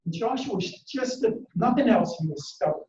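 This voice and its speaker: A man giving a motivational talk, telling a war story dramatically and acting out the shouted orders. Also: high voice, animated, moderate pace. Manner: dramatic, acts out quotes and shouts battle orders. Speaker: motivational speaker. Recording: echoey room, distant mic, dull lo-fi sound.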